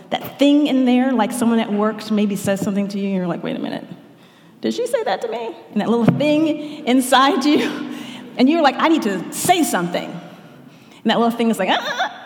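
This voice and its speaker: Earnest woman preaching in echoey hall. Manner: earnest, acts out inner voices with pitch jumps. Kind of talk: sermon.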